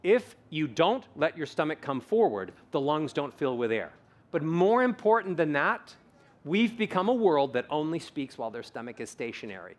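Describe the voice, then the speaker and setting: Animated male voice coach. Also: on the high side, moderate pace. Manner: animated, demonstrates vocal examples, playful. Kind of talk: conference talk with audience exercises. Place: conference stage.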